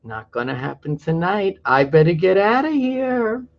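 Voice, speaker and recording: A sly, wary fox from a picture book, muttering low to himself as he decides to flee, voiced by a reader. It sounds dull and lo-fi. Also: big pitch swings, measured pace, slight background noise. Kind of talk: storybook reading.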